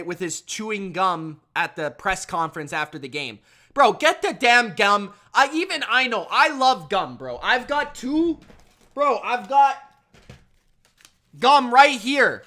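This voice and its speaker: A man with a high, pushed and bright voice hosts a sports review show, ranting emphatically and casually about his opinions. He repeats himself and keeps calling listeners "bro."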